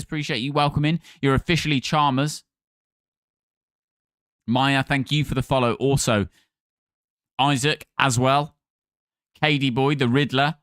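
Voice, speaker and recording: Chatty male streamer with a smooth voice. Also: fairly high pitch, a bit bright, no echo, clean studio sound. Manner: chatty, thanks viewers by name, playful. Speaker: live streamer. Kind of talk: casual live-stream chat.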